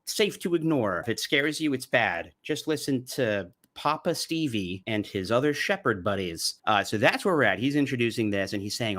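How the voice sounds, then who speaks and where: A man's voice: medium pitch, expressive, moderate pace, few pauses, a bit bright. A man giving sarcastic, mocking commentary on religious videos. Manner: sardonic, mocking. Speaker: commentary YouTuber.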